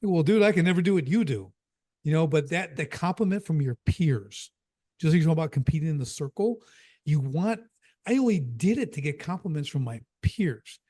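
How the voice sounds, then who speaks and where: A middle-aged man from the Chicago area talks as a business coach in a loose podcast chat, driving his points home by repeating them. His voice sits a little high for a man and comes across close and dry, with no room sound. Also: lively intonation, fairly quick, dark tone, dry recording. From Chicago area, USA. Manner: emphatic storyteller, repeats key phrases, says "right?" often. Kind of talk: casual podcast conversation.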